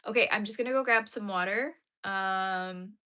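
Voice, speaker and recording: A woman's voice: mid-range voice, normal speed, pushed and bright, clean tone. Sleepy woman rambling to her stream chat from home, lots of ums, yawning a lot. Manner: tired, rambling, yawning, many fillers. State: tired and yawning. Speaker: crochet streamer. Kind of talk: casual live-stream chat. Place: home, talking to a live chat.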